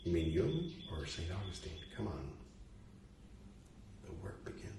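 A man's voice: low-pitched, very animated, a little slow, dark tone. A man reading a text aloud and stopping often to muse over it and question it in a casual way. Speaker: reader and commentator. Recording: roomy echo, distant mic, faint noise.

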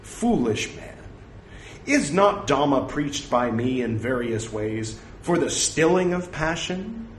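A stern male teacher, read by a man in a scripture recital rebukes a monk in repeated, measured phrases. The delivery is slow, with a lively pitch. The room echoes a little over a faint hiss.

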